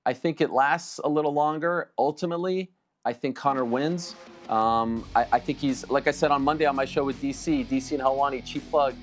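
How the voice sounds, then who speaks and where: A man talking as a guest in an animated sports debate, boastful and emphatic, repeating phrases for effect. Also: mid-range voice, a little fast, faint music behind. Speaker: combat sports reporter, guest.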